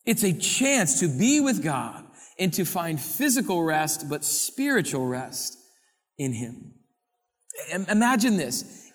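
A man delivers a sermon as a pastor, switching between animated, playful rhetorical questions and quieter reflection. His voice sits high for a man. A long reverb trails his words through a large church hall. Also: slow pace.

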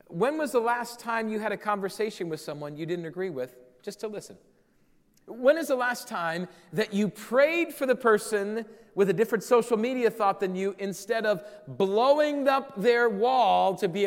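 Pastor, male, high voice, earnest sermon delivery that repeats key lines; reverberant room.

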